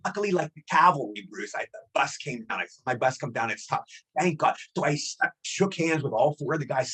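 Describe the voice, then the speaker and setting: A man being interviewed as a guest actor, telling stories in a fast, excitable way and acting out the quotes. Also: on the high side, breathy edge, poor audio. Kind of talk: animated storytelling.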